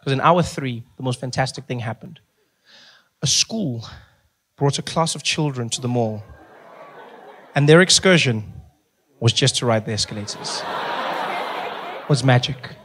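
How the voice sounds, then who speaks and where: A male stand-up comedian telling stories in an animated way, acting out scenes and laughing through his lines. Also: mid-range voice, a little slow, pauses often. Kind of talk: stand-up storytelling.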